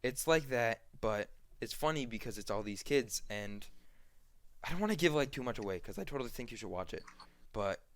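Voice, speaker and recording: A young man co-hosting a casual podcast, rambling through an animated retelling full of fillers and acted-out quotes. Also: medium pitch, fairly quick. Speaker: podcast co-host. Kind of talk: casual chat.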